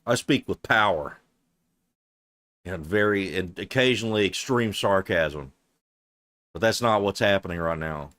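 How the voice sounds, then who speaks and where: A man streaming, reacting to a clip with sarcastic, profane, flatly delivered commentary. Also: sits low, a little slow, long pauses, dry recording, studio quality. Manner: flat deadpan delivery.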